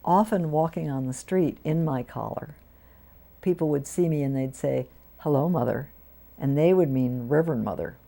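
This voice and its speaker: A woman's voice: sits low, moderate pace, gravelly. An older woman, a priest, telling stories from her life in an interview, bringing quoted people to life as she goes. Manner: warm anecdotal storytelling with lively quoted voices. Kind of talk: storytelling interview. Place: community TV studio.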